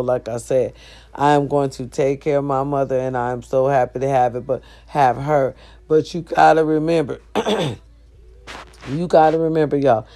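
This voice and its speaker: Lady vlogging from her bed, sore and in pain, cussing a lot, animated and talking right at the camera. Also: low-pitched. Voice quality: profane, animated, talks straight to viewers. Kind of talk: casual storytelling vlog. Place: sitting on her bed at home.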